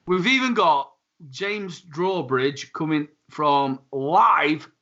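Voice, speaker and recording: A chummy man rambles through friendly banter on a livestream. His voice sits a bit high. The audio is dull and lo-fi. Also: animated, slow, sharp tone. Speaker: guest streamer. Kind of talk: casual chat.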